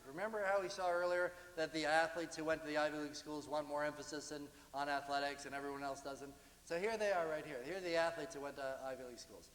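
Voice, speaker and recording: A man's voice: fairly high pitch, fairly bright tone. Man lecturing in an echoey hall. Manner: halting, many restarts, conversational. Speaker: author giving a lecture. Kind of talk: university lecture with slides.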